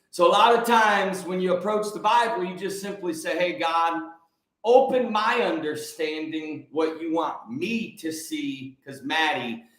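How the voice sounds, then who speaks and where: An American man hosting a live-streamed Christian show, greeting viewers by name and preaching with energetic exclamations. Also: high voice. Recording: echoey room with faint noise.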